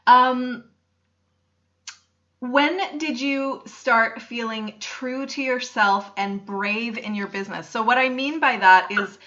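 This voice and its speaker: A woman's voice: on the high side, slow, sharp tone, dull audio. A woman hosting an interview show, enthusiastic and affirming, with many fillers. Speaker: radio show host. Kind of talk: casual interview chat.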